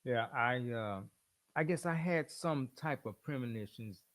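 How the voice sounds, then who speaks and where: Calm older man hosting a talk. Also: medium pitch, unhurried. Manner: calm, listening with short affirmations. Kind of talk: conversational interview.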